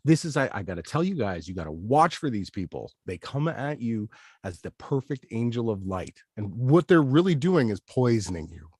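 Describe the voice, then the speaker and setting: A man's voice: medium pitch, big pitch swings, normal speed, a little mellow, husky, dry recording, studio quality. A man hosting a commentary show, ranting indignantly and emphatically about a clip he has just played. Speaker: channel host.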